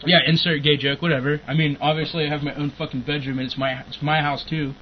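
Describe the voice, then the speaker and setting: A young man ranting profanely in a casual chat, rambling and breaking into angry shouting. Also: on the high side, little pitch movement, quick pace. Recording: muffled lo-fi recording with faint hiss.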